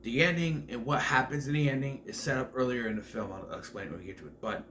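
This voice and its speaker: A man's voice: mid-range voice, fast, a bit bright, slight background noise. A man giving a casual, rambling film commentary, full of fillers and restarts. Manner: rambling, filler-heavy, self-correcting. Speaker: film reviewer.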